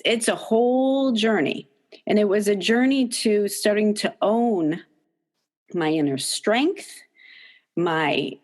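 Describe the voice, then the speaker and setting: A middle-aged woman talking candidly as an interview guest, emphatic and swearing freely, her voice jumping up when she quotes her own thoughts. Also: mid-range voice. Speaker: podcast guest, author.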